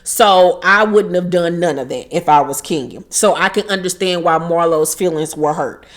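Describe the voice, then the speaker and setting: A woman's voice: lowish voice, normal speed. Chatty, profane woman recapping gossip. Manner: chatty, profane, quotes cast members in mimicking voices. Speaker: recap commentator. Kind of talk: casual reality-show recap.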